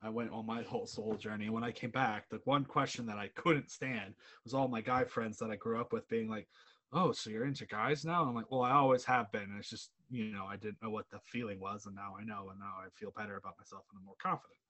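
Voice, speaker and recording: A young adult man chatting as a podcast guest, candid and swearing freely, often trailing off quietly. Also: lowish voice, fairly even intonation, fast talker, hardly any pauses. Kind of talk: casual chat.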